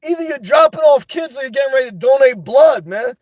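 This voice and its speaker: A man hosting a livestream from inside his car, reading out viewer comments and answering bluntly, often breaking into loud, laughing rants. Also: very high-pitched, lively intonation, fast, dry recording. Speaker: livestream host. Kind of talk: live-stream chat reading.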